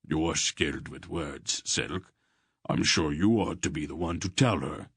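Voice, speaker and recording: A man's voice: very deep voice, a little slow, a bit bright, slightly rough, no room sound, studio quality, heavily acted. A man voicing a big warrior companion, laid-back and amused in an audiobook.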